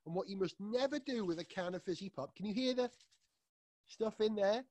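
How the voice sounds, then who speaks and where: A man's voice: sits high, fairly quick, a little mellow. A man presenting a playful science demonstration from his living room and talking straight to children. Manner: enthusiastic, playful, addresses children directly.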